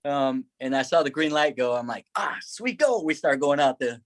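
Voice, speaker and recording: A middle-aged man telling military stories on a podcast, laughing often and acting out quotes in a higher voice. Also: steady tone, moderate pace. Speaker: podcast guest, former Army Ranger. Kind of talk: casual storytelling.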